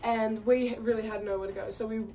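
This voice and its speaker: A woman's voice: a little high, flat delivery, brisk, dark tone. A young woman telling a story in a casual, chatty way, with lots of fillers and frequent laughing. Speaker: vlogger. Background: faint background music.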